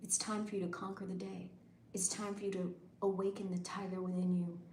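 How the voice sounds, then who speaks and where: A woman voicing a stern motivational coach in a low, firm, hushed voice. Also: flat delivery, brisk, echoey room, a little hiss or hum, lightly acted. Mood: stern, pushing. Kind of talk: motivational pep talk.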